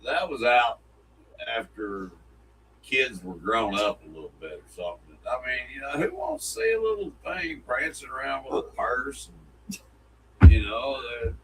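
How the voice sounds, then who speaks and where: A man's voice: mid-range voice, expressive, measured pace, fairly bright tone. A man co-hosting a casual morning show, rambling and joking as he restarts sentences. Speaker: co-host. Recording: distant mic, faint room noise.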